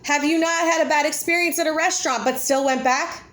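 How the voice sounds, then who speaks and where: A woman's voice: high-pitched, fairly even intonation, a little fast, fairly bright tone. A woman, talking casually to camera as a vlogger, blunt and chatty, laughing often. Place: home with children nearby. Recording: echoey room.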